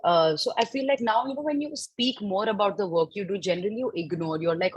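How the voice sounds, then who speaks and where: A young Indian woman, an actress, chatting in an interview in an animated, excitable way with a husky voice and Indian English accent. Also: medium pitch, fast, dry recording, low-quality recording. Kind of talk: casual interview chat.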